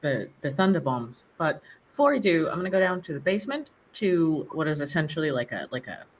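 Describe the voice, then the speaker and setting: A man playing a tabletop game, describing his actions in a measured way, searching for words. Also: a little high, big pitch swings, slight background noise. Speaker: player. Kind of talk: casual table talk.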